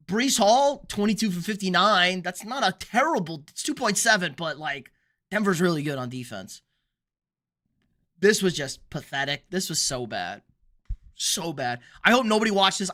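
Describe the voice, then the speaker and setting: A young man riffing on a sports livestream with a bright, forceful voice sitting a bit above the usual male pitch. He is blunt and casual, swears freely, and reads out chat messages as he goes.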